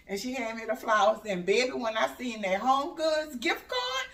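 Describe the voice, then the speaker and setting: A lively older woman vlogs from her kitchen. She tells her stories with a lot of energy, and her bright voice sits a little back from the mic in a roomy space. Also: a little high, normal speed, few pauses, far from the mic. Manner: animated storytelling, acts out the voices of her family and laughs. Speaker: home decor vlogger. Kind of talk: casual chatty vlog. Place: home kitchen. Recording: echoey room, voice off-mic.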